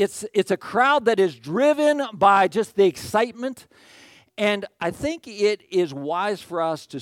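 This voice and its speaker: Male pastor, casual talking sermon, keeps asking "okay?", voice a touch high, dry close sound. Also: no room sound. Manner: conversational, animated, acts out crowd quotes; checks in with "okay?" often.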